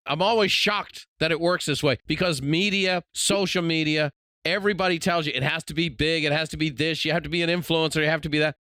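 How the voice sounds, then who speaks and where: A man's voice: fairly high pitch, fairly even intonation, a little fast, bright, forceful tone, no room sound. A man in his fifties hosting an interview, speaking in an earnest, reflective way. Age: 50s. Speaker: podcast host. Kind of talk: conversational interview.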